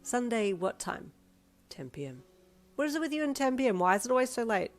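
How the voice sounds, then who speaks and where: A woman reading a fan story aloud, voicing a lively, cheeky teenage schoolgirl who talks brightly. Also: a little high, fairly quick, voice pushed up.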